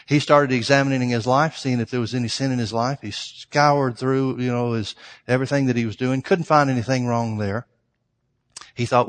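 Male preacher, mid-pitched, earnest storytelling sermon, long reverb tail. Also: fairly quick. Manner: storytelling, earnest, addresses listeners as folks.

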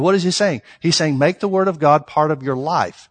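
A man preaching a sermon, reading scripture slowly and pressing his points with rhetorical questions to the congregation. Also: a little high, in a large hall. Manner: reads scripture slowly and deliberately.

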